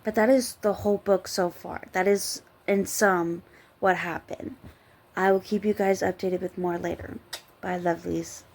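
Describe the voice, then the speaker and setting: A woman's voice: fairly low pitch, fairly even intonation, a little slow, a little mellow. A tired woman chatting casually late at night, rambling and giggling as she reviews a book. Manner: rambling, giggly, trails off and restarts. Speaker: book vlogger.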